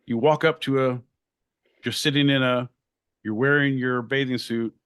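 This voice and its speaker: A man's voice: medium pitch, moderate pace, smooth, no echo. Foul-mouthed guy cohosting, playful, dry close mic. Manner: profane, playful, animated. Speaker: podcast co-host. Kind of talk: crude comedic banter.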